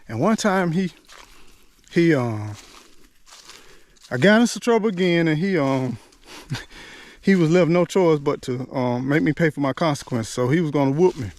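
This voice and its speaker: Earnest man telling a story. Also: sits high. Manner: Southern US informal speech, repetitive and earnest. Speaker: speaker sharing life lessons. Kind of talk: personal storytelling monologue.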